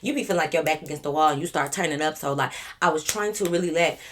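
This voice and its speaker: Animated, profane woman telling a story. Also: low voice, quick pace, slight background noise. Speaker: vlogger. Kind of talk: casual storytime.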